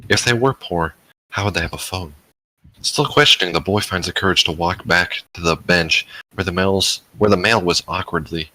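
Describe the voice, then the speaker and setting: A man's voice: low-pitched, bright, forceful tone, rough recording. A young man jokingly reading fan fiction aloud, with offhand asides. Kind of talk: comedic read-aloud.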